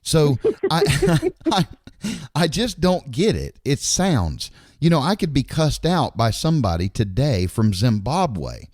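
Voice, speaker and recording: Lively man, dry close sound. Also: medium pitch, slow, no room sound. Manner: rambling, blunt, swears freely. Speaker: podcast co-host. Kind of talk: casual chat.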